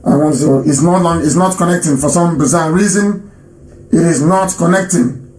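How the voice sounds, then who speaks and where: A man's voice: on the high side, moderate pace, darkish tone. A man from Nigeria hosting a live radio broadcast and taking calls, speaking emphatically and repeating phrases for stress. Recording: roomy echo.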